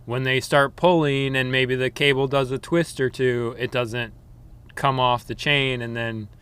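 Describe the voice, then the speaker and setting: A man talking as a podcast guest, calmly explaining his work and laughing easily. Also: medium pitch, unhurried, smooth. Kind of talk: casual chat.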